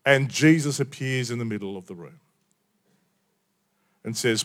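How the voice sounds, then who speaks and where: A man preaching a sermon in a conversational storytelling way, often dropping quiet for emphasis. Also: medium pitch, unhurried.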